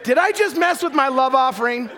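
A man with a high voice preaches a sermon in a church. He tells personal stories in a lively, animated way and keeps turning to the congregation with rhetorical questions, often stumbling and repeating a word as he starts a sentence. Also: brisk, some chatter behind.

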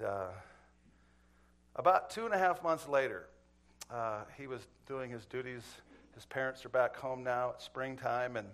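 A male preacher in a middle-pitched voice, spinning a folksy tale for his congregation. He chuckles now and then as he talks and calls his listeners folks. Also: sharp tone. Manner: folksy, chuckling storyteller who addresses the crowd as folks. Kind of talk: sermon with a folksy story.

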